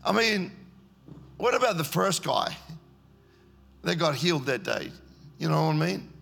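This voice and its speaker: Male preacher, storytelling sermon, acts out scenes, gravelly, bright, echoey church hall. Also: a little high, lively intonation, a little slow.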